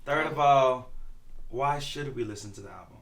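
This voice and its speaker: A man hosting a podcast, asking upbeat, quick questions in casual chat. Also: medium pitch, distant mic. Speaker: podcast host. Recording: voice from away from the mic.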